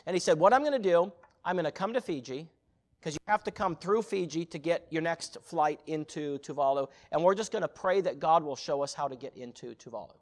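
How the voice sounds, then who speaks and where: A man preaching a sermon as a missionary, telling a story with animated, rising passion. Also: on the high side, brisk.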